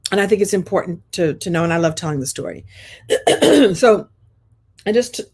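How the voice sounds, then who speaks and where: A middle-aged woman from Brooklyn with congested sinuses, telling a story to her program group in an animated, chatty way, clearing her throat often. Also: on the low side, moderate pace. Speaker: host of a coaching program. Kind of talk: casual storytelling to an online group.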